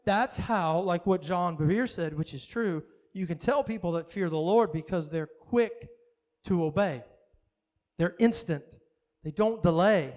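High-voiced storytelling male pastor. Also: a little slow. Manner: animated storytelling, acts out dialogue, laughs often. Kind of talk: sermon.

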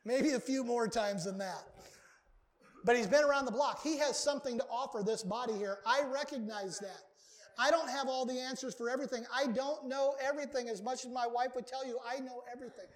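A man with a very high voice preaching in a church. He talks with earnest emphasis and leans hard on repeated words, the way a pastor drives a point home from the pulpit. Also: a little fast. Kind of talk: sermon. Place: church sanctuary.

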